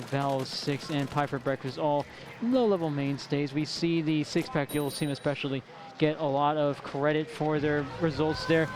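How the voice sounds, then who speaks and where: Male esports caster, high-pitched, strained voice, chatty play-by-play with jokes. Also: noisy background. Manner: quick, chatty play-by-play with jokey asides. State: strained, worn voice late in the day. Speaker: esports commentator. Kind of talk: live tournament commentary. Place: tournament venue.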